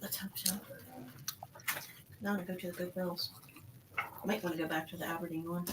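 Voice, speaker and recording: A woman talking quietly and offhand in the background of a live stream. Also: on the low side, level tone, fairly quick. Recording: distant voice with loud background noise.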